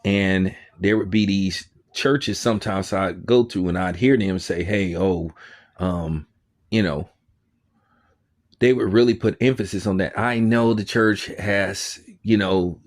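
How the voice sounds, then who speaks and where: A man with a fairly low voice talks in a loose, conversational way, like an informal commentary show. He tells his story with energy and acts out the remarks of others as he goes. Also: unhurried. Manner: conversational, animated storytelling with quoted asides. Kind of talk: casual spoken commentary.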